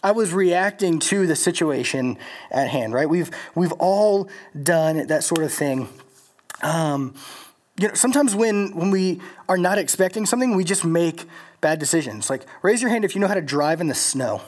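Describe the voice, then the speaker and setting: A man's voice: fairly high pitch, lively intonation, normal speed. A young man from Louisiana leading a college group, telling stories in a casual, rambling sermon full of filler words and restarts. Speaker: college ministry leader. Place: in front of a live group.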